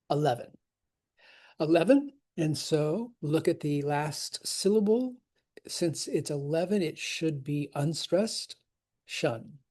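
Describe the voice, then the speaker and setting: A man teaching how to scan verse, relaxed and encouraging as he talks through examples. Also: fairly high pitch.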